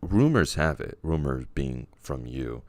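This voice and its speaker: A man hosting a casual podcast, recapping a story in a teasing, deliberate way. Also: very deep voice, sing-song, darkish tone. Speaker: podcast host.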